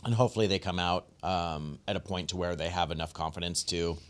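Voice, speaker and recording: A man's voice: low-pitched, steady tone, a little fast. A man in his forties hosting a podcast, talking in a laid-back way, swearing freely and calling his friend man and bro. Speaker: podcast host. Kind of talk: casual chat.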